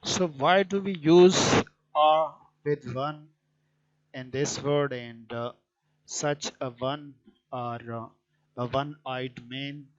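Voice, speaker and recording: Slow, deliberate teacher. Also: male voice, medium pitch, fairly even intonation. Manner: deliberate, with frequent hesitant fillers. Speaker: English teacher. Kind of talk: explanatory grammar lecture. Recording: dull lo-fi recording.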